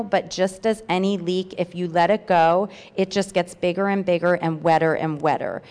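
Earnest woman reading aloud in reverberant hall. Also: on the low side. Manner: earnest, heartfelt, with hesitant fillers. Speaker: church member sharing a testimony. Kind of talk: reading a personal testimony aloud.

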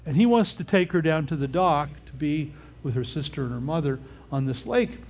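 An older man gives a sermon in a relaxed, conversational way. His voice sits a little high and sounds husky. He often pauses to check in with his listeners as he talks. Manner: informal, often checks in with the audience. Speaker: pastor.

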